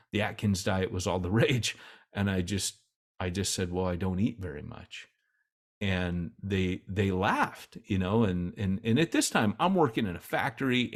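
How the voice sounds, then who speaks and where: A man giving a casual webinar talk as a church planting trainer, rambling with many restarts, speaking over a video call. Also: low voice. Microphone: computer mic on a video call.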